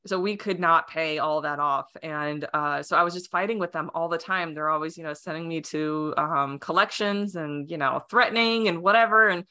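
Bright lively woman guest, casual storyteller, filler-heavy, slightly low voice. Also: moderate pace, hardly any pauses. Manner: animated, acts out quoted voices; many fillers like "you know" and "like". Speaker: podcast guest.

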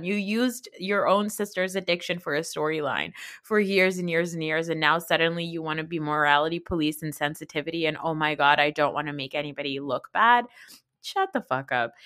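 A woman's voice: lowish voice, fairly bright tone, no echo, studio quality. A woman hosting a podcast, giving casual, snarky commentary on a reality show and swearing freely. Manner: chatty, snarky, swears freely, laughs often. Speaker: podcast host.

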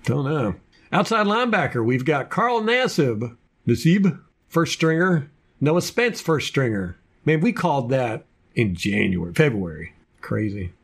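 A man's voice: mid-range voice, big pitch swings, measured pace, a bit bright, slightly rough. A man co-hosting a casual sports podcast, running through a team depth chart with jokey asides. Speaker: podcast co-host.

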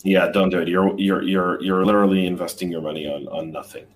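A man's voice: sits low, level tone, a little fast. A man giving blunt, emphatic career advice on a live chat show as hiring leader. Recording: voice distant from the mic.

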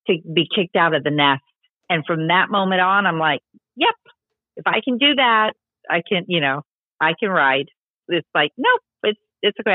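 A woman telling stories as a podcast guest, animated and chatty, acting out the voices of people she quotes. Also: sits low, dry recording. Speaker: podcast guest, long-distance motorcycle rider. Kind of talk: casual storytelling interview. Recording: tinny phone-like line, dry.

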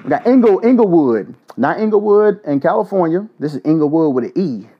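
A man hosting a casual solo podcast, blunt and profane, giving joking shout-outs. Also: sits high. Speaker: podcast host. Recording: dull lo-fi audio.

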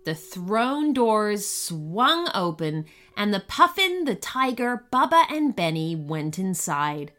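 A woman narrating a children's story with an expressive, unhurried reading. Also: medium pitch.

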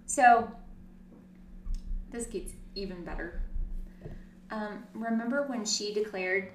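A woman co-hosting a casual true-crime podcast, telling the story in an animated way with sarcastic asides. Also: mid-range voice, takes it slowly, a little hiss or hum. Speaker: podcast co-host. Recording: roomy, distant mic.

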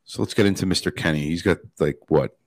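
Man, podcast co-host, casual, quick reactions, low voice. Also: no echo. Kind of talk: casual chat.

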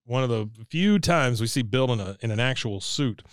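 A man's voice: lively intonation, moderate pace, clear, resonant tone, no echo, studio quality. Man recapping a cartoon, acting out lines. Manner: retells scenes, acts out characters' lines in high voices. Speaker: podcast co-host. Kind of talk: casual chat, recapping a cartoon episode.

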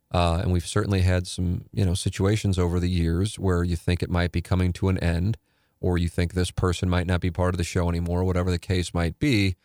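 A middle-aged radio host talks reflectively on a podcast, candid and rambling, correcting himself as he goes. His voice is low with a darkish tone, recorded cleanly in a studio without echo.

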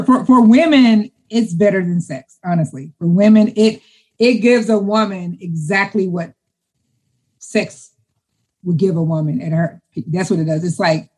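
Husky-voiced woman chatting enthusiastically. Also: on the low side, low-quality recording. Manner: enthusiastic, chatty, repeats words when excited. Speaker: interview guest. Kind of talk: casual conversation.

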